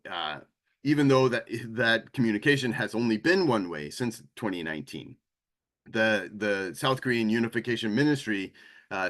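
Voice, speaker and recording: American guy talking casually, lowish voice, lots of ums and restarts. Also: a bit bright. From United States. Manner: conversational, thinking aloud with fillers and restarts. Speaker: mission co-worker. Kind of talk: talk.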